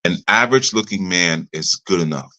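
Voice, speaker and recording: A man's voice: deep voice, lively intonation, normal speed, pushed and bright. A middle-aged man teaching a ministry audience in a direct, conversational way, repeating his points for emphasis. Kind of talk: informal teaching talk.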